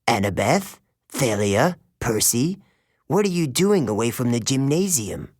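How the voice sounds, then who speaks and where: A man's voice: medium pitch, very animated, unhurried, dry recording, studio quality. A man voicing a stiff, stern older woman teacher who speaks curtly and demandingly. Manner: curt and demanding.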